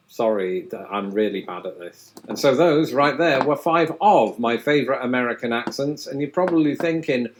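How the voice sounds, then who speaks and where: Man giving wry, joking commentary. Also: on the low side. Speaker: video presenter on accents. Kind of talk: scripted commentary with dry jokes.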